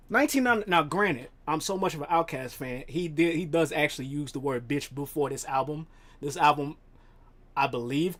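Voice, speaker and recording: A man streaming live, chatting casually with his viewers, profane and animated, rambling and laughing as he talks. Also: sits high.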